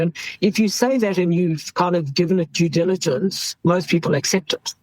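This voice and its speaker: A woman's voice: lowish voice, moderate pace, hardly any pauses, darkish tone, no room sound, poor audio. A woman in her fifties, an emergency doctor, speaking frankly in an interview and acting out what people say. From South Africa. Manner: frank, acts out quoted voices. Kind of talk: candid interview talk.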